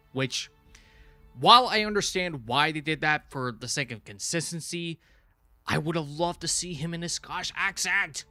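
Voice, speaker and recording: Man, livestream host, bright tone, dry close sound, faint music behind, rambling, excitable. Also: fairly high pitch, dry recording. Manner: rambling and excitable, self-correcting with fillers. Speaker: channel host reviewing a TV show. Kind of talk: casual livestream commentary.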